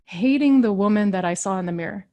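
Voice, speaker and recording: A woman in her thirties, a leadership coach, telling a personal story in an earnest, heartfelt way, speeding up and slowing down as she recounts it. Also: mid-range voice, dark tone. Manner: earnest, heartfelt, shifting tempo while recounting.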